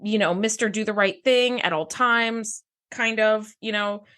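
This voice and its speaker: A woman co-hosting a podcast in casual chat, animated and swearing freely as she acts out quotes. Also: mid-range voice, measured pace. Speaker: podcast co-host.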